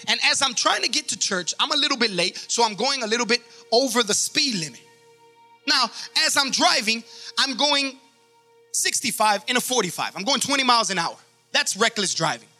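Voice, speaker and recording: A man's voice: high-pitched, pushed and bright. A man pastor preaching a sermon with emphasis, acting out stories as he goes.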